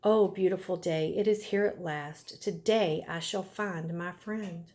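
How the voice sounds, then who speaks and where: A woman's voice: on the low side, measured pace, darkish tone. A woman voicing a lonely young male pig, polite and earnest, in a storybook read aloud.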